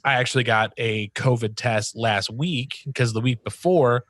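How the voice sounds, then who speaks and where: A man's voice: medium pitch, moderate pace, fairly bright tone, no echo. A man hosting a podcast in casual chat, talking in a loose rambling way full of fillers and easy laughs. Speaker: podcast host.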